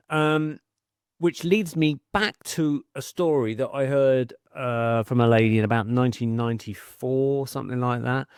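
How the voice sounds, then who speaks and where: A man's voice: mid-range voice, vocal fry, dry recording. British man telling a story, dry sound. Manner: animated storyteller, acts out quoted voices, frequent restarts. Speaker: podcast guest. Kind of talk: conversational storytelling.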